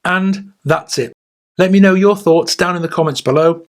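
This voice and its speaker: Higher-voiced man narrating a documentary. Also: moderate pace. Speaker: YouTube host.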